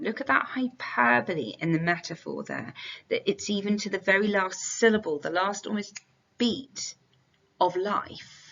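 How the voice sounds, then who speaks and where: A woman's voice: medium pitch, expressive, normal speed, gravelly, fairly bright tone. A young adult woman explaining a play for exam revision as a teacher, often reading quotations aloud. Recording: dull lo-fi sound.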